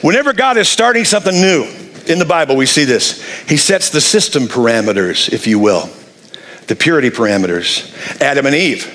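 A man preaching a sermon, animated and jokey, acting out the people he quotes. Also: mid-range voice, a little fast. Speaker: pastor.

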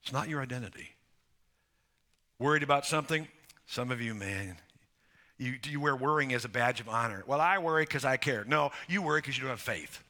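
A man's voice: medium pitch, a little fast, long pauses. A man preaching a sermon as pastor, exhorting the congregation directly and quoting scripture. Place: church sanctuary. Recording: music under the voice. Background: band playing softly.

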